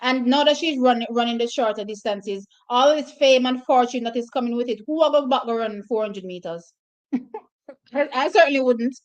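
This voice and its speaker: Jamaican woman host, slightly high voice, chatty live-stream commentary, reacts to chat. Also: moderate pace, lo-fi sound. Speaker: livestream host. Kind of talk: casual livestream commentary.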